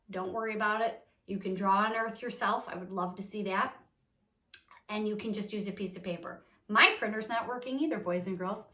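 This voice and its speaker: A young woman teaching a remote lesson to small children, cheerful and encouraging, speaking slowly and clearly. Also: medium pitch, fairly bright tone. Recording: echoey room.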